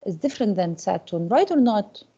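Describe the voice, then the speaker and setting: A woman's voice: medium pitch, big pitch swings, moderate pace, dark tone, a little hiss or hum. A woman teaching an English class, often checking in with her students by asking "Okay?". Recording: dull lo-fi classroom recording.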